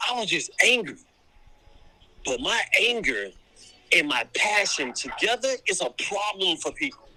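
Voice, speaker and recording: A man pours out a heated, profane monologue, hammering his points home through repetition. His voice sits a little high and rings bright and tense. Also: sing-song, unhurried. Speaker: commentator. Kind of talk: impassioned monologue to camera.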